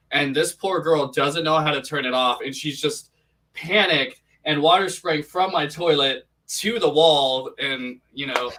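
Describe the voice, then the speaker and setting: A man's voice: medium pitch, sharp tone. A man co-hosting a casual podcast chat, laughing often and stumbling over his words. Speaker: podcast co-host. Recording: distant mic.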